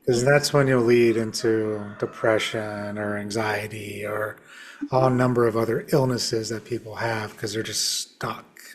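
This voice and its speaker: A man hosting a podcast in a casual conversation, making his points in a measured, step-by-step way. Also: fairly low pitch, steady tone, slight background noise. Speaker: podcast host and shamanic practitioner.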